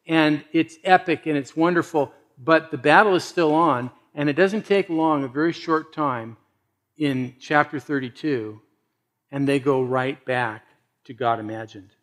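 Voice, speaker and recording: A man preaching a sermon and reading scripture aloud, swinging between loud emphasis and hushed asides. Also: a little high, moderate pace. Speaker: pastor.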